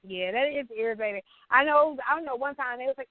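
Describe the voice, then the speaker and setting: A woman's voice: a little high, brisk, dry recording, narrow, tinny audio. A woman co-hosting a casual podcast, talking bluntly and telling stories full of slang. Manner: blunt, animated storytelling with slang. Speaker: podcast co-host.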